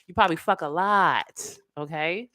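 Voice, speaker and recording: Tarot reader, woman, low voice, animated and slangy, acts out quotes, dry close sound. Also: normal speed, no room sound. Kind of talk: casual tarot reading.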